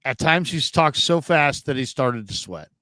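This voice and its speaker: Man, call-in show host, casual sports chat, teasing, bright forceful tone, dry close sound. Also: medium pitch, animated, normal speed, no room sound. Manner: joking, rambling, playful teasing.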